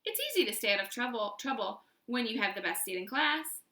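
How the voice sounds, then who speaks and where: A woman reading a children's chapter book aloud with expression, pausing to ask listeners questions. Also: a little high, big pitch swings, pushed and bright, roomy sound. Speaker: storyteller.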